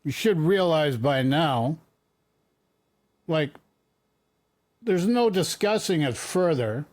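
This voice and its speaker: Slow-talking exasperated male commentator. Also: on the high side, animated, a little mellow. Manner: exasperated, repeats points. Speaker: political commentary host. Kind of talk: casual political commentary.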